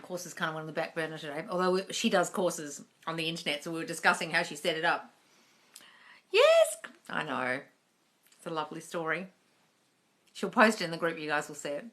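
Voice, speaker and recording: A woman's voice: low-pitched, sing-song, fairly quick, long pauses, fairly bright tone. A young woman coach answering viewer questions in a casual live stream, chatty and blunt, swearing now and then. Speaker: manifestation coach.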